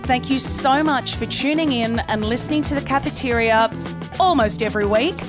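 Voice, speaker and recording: A woman hosting a podcast, who interviews her guest and closes the episode with warm, enthusiastic praise. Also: sits high, moderate pace, music in the background. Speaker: podcast host.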